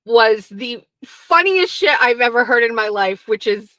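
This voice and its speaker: High bright woman's voice, young adult host, rambling profane chat, dry close sound. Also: lively intonation, measured pace, no room sound, poor audio. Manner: rambling, profane, laughs often, does mocking voices. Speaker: show host. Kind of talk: casual solo talk show chat. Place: home studio.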